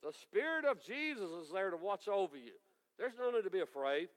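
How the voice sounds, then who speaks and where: A man's voice: sits high, sing-song, brisk, in a large hall. A preacher acting out a stern churchgoing father who lectures his frightened son. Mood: reassuring. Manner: solemn, lecturing.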